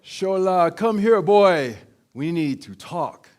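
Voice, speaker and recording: A man doing a booming wise African father. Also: expressive, a little mellow. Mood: booming, preaching. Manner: slow, emphatic, preaching.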